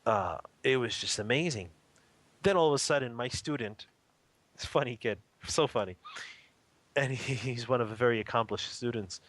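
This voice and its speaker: A man's voice: mid-range voice, normal speed, fairly bright tone. A man, a spiritual teacher, telling a personal story in a radio interview, earnest and vivid, often rephrasing as he describes what he saw.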